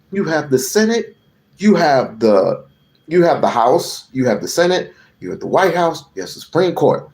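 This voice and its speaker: Slow, animated man ranting. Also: on the high side. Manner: profane, emphatic, repeats phrases. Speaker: political commentator. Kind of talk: heated political rant to camera.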